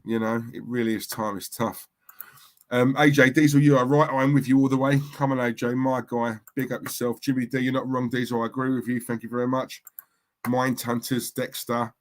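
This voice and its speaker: With a mid-range voice and flat, brisk delivery, this man hosts a live stream, chatting loosely as he reads viewer comments aloud. He's chatty, rambles, and tends to repeat himself.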